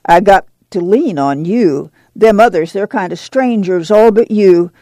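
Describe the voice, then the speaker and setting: A woman's voice: mid-range voice, measured pace, warm tone, no echo, close to an everyday voice. A woman voicing a tough, determined mother of a poor migrant family, firm and plain-spoken, in an audiobook reading. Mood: tender. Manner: firm, blunt, plain-spoken rural drawl.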